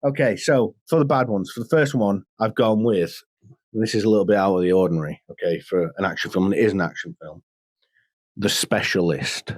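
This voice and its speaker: A man co-hosting a casual podcast, an animated storyteller who laughs often and slips into impressions. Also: lowish voice, fairly quick, no room sound. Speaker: podcast co-host. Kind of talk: casual chat.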